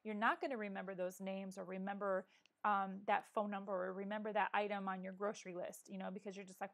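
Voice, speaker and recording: A woman's voice: mid-range voice, flat delivery, quick pace, a bit bright. A middle-aged woman hosting a casual live chat, talking earnestly and encouragingly straight to her viewers. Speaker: live-stream vlogger.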